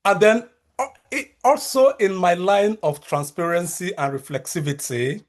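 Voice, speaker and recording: A high-pitched man in his thirties with a Nigerian accent, a researcher and lecturer, gives a measured conference talk over a video call. He often uses fillers and restarts his sentences.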